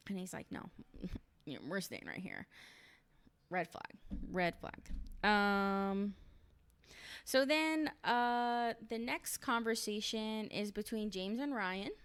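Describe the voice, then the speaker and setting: A young woman vlogs a casual recap of a show, trading ums for punchy slang and quick opinions. Her voice sits at a plain middle pitch, relaxed and conversational. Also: smooth. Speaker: reality show recap vlogger.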